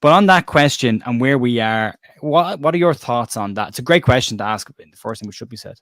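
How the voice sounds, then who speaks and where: A man hosting a casual football podcast, talking in animated, questioning runs of opinion. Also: mid-range voice, brisk, no echo. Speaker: podcast host.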